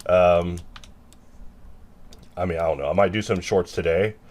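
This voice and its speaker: A man chatting casually and rambling while he works, self-mocking, sometimes bursting into loud mock-angry lines. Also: deep voice, fairly even intonation, a little slow, a little hiss or hum.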